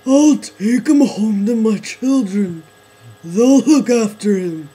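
A man's voice: high voice, slow pace, warm tone, husky, pitched above the performer's own voice, full character voice, rough recording. A man voicing a kindly farmer in a storybook, speaking in a caring way. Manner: kind, caring.

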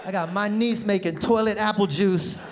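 Comedian guy doing his set, acts out the quotes, yells punchlines, live room with long echo. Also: high voice, fairly even intonation, moderate pace, some chatter behind, slight background noise. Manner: storytelling with acted-out quotes and sudden shouted punchlines. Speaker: stand-up comedian. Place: comedy club stage. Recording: live in a large reverberant venue.

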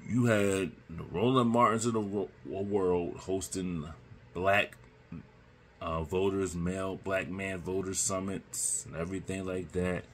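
A man hosts his own commentary podcast in a very low, unhurried voice. He speaks emphatically and circles back to repeat his key points. A faint ambient hum sits under the recording. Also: fairly even intonation. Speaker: podcast host. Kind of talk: solo political commentary.

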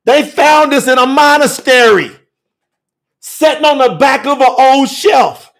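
A man preaching fiery and emphatic to a telethon audience as a scripture teacher, repeating phrases and shouting at times. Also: extremely high pitch, measured pace.

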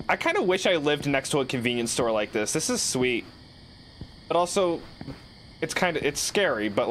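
A man's voice: fairly high pitch, fairly bright tone, slight background noise. Swearing, rambling male game streamer. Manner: rambling, swearing, jokey outbursts. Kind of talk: casual gameplay commentary.

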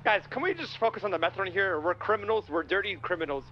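High-voiced excitable man. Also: fast talker, dull audio, noisy background. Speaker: gang member in a role-play game. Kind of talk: in-character game role-play chat.

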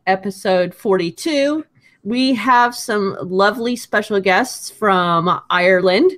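A woman co-hosting a casual podcast, chatty and quick with a laugh. Her pitch sits in the middle range, and she trades quick asides with her co-host. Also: a bit bright. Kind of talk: casual chat.

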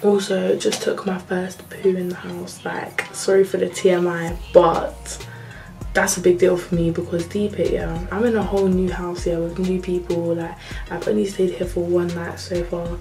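A woman's voice: on the low side, level tone, moderate pace, gravelly, warm tone, soft background music. A young woman, a university student chatting casually and bluntly to camera in her new room. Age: young adult.

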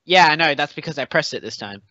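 A young man trades crude, profane jokes in loose podcast banter. His bright, animated voice leaps around in pitch. The sound is dry and dull, a lo-fi home recording. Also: fast talker, dry recording. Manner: crude, profane, jokey outbursts. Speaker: podcast co-host.

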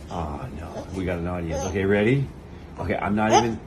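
A man's voice: low-pitched, a little fast, very noisy. A man talking playfully to his baby son in a home video, coaxing him and cheering him on like a coach. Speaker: father filming his baby.

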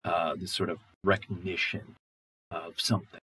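A male literature professor with a deep, flat, sharp-toned voice lectures on a short story at normal speed, reading passages aloud and talking loosely and conversationally with lots of "you know" and "okay." The low-quality recording has slight background noise.

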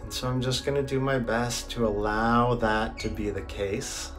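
A wellness vlogger sits in a cold bath in his home bathroom, talking candidly to camera and coaching viewers in a self-deprecating way. His medium-pitched, fairly bright voice holds a steady tone at normal speed over soft background music.

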